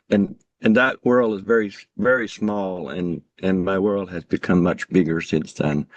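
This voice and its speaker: Low-voiced halting man, dull dry sound. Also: dry recording. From Amish community, USA. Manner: halting, many restarts, sincere. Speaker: truck driver and coach, participant. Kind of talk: personal introduction on a group call.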